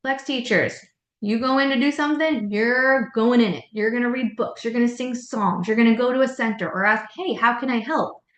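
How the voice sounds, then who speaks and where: A woman leading a childcare staff meeting, giving direct, practical tips on classroom management. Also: medium pitch. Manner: direct, practical, coaching tone with quoted classroom lines. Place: meeting room. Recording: echoey meeting room.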